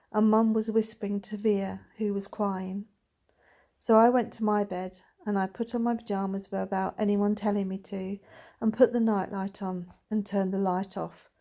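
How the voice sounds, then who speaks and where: Woman gently reading a story aloud. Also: medium pitch. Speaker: reader.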